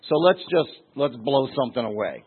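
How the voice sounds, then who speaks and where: A man's voice: mid-range voice, expressive, moderate pace, slightly rough. A man teaching verse by verse through a Bible passage, emphatic, repeating words and acting out the voices he quotes. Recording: tinny phone-like recording.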